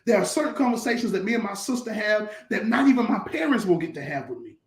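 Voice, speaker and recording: Pastor, male, high-pitched, emphatic colloquial teller; roomy recording. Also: expressive, quick pace. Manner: emphatic, repetitive, colloquial storytelling. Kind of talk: conversational talk-show teaching.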